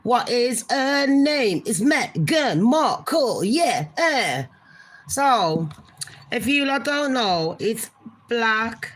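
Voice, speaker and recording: A woman's voice: fairly high pitch, very animated, extremely slow, poor audio. A woman hosting a casual gossip live stream, chatting with viewers and swearing now and then. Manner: chatty, swears, talks to viewers as honey pot. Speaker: gossip channel host.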